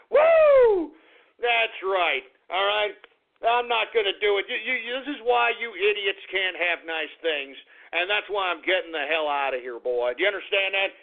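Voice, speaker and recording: A man hosting an internet radio show, ranting abrasively and boastfully, cursing and insulting his listeners, sliding from low grumbling to shouting. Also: moderate pace, vocal fry. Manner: boastful, profane, repeats pet phrases. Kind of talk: ranting call-in radio monologue. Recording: narrow phone-like audio.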